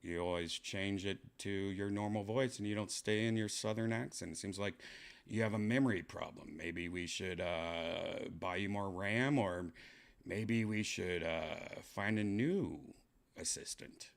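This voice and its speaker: A man hosting a podcast in a deadpan, trolling manner, mumbling with drawn-out fillers and muttered asides. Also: low-pitched, gravelly. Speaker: podcast host. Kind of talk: casual chat, deadpan trolling.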